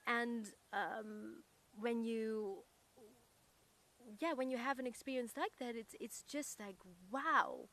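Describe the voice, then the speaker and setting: A woman being interviewed, speaking in an earnest, searching way and pausing to find her words. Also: fairly high pitch, a bit bright. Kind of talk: reflective interview talk.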